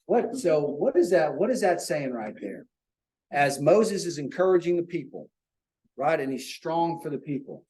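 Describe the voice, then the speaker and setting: A man's voice: fairly high pitch, big pitch swings, moderate pace, darkish tone, rough recording. A man leading an informal Bible study for a small group, talking earnestly and checking in with rhetorical questions.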